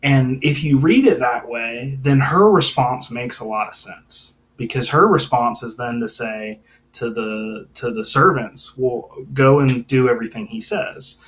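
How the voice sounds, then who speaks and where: A man's voice: mid-range voice, fairly bright tone, rough recording. A man giving informal Bible teaching in a casual, thinking-aloud manner, with frequent fillers and restarts.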